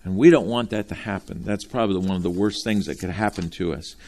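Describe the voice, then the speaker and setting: A man preaching a sermon from Ohio, animated and folksy, calling out to his congregation. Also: low-pitched, fast talker. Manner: animated, talks straight to the congregation with folksy asides. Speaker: pastor.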